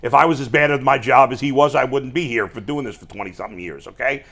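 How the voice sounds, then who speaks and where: A man's voice: mid-range voice, quick pace, a bit bright. A man hosting a sports talk show, arguing bluntly and emphatically with some swearing. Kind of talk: casual sports debate.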